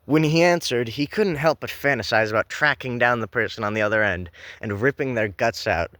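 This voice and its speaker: A man's voice: medium pitch, a little fast, fairly bright tone, no echo. Sarcastic man reading aloud, dry close mic. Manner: sarcastic, profane, rambling asides. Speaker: channel host reading a horror story. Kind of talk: blind reading with comedic commentary.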